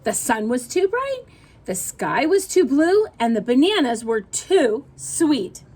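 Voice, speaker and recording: A woman reading a picture book aloud, with animated, chatty asides about the pictures and her daughter. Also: high-pitched, slow pace, poor audio.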